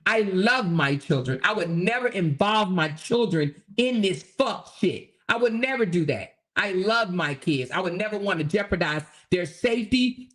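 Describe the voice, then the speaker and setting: A woman, hosting a livestream and ranting in a profane, confrontational way, again and again asking whether you hear her. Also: medium pitch. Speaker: livestream host. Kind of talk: heated livestream rant.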